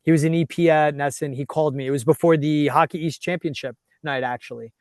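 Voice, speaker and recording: A man, a TV sports reporter, chatting as a podcast guest and giving energetic, coaching-style career advice. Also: a little high, quick pace, clean tone, dry recording, clean studio sound. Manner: energetic, coaching tone, acts out quotes. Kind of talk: casual interview chat.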